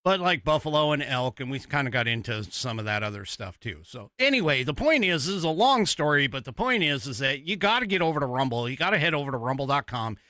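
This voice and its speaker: A man's voice: mid-range voice, very animated, quick pace, hardly any pauses, bright, forceful tone, no room sound, studio quality. A man from the United States hosting a live podcast, talking in a rambling, chatty way with lots of fillers and restarts. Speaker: host. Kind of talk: live-stream podcast talk.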